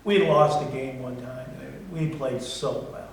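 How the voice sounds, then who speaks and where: A middle-aged man preaching a blunt sermon as pastor, going from loud, forceful passages down to soft, quiet ones. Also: medium pitch, a little slow, a little hiss or hum. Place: church sanctuary. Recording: echoey hall from far off.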